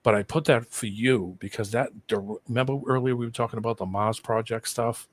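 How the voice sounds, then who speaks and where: A man's voice: mid-range voice, fairly even intonation, fairly quick. A man in casual chat on a live stream video call, rambling and conspiratorial as he explains something. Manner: rambling, conspiratorial, talks over the other man.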